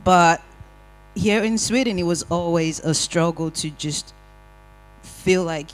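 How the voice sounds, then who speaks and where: Animated panel speaker telling wry stories. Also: mid-range voice, normal speed, faint music behind, poor audio. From Nigeria. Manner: animated, wry storytelling with acted-out quotes. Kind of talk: panel discussion, personal storytelling. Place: community hall panel.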